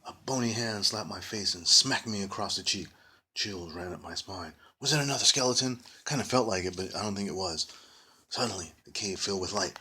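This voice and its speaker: A man's voice: lowish voice, fairly quick, bright, forceful tone, slightly rough. A man reading a children's ghost story aloud, adding playful casual asides. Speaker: reader of a children's book.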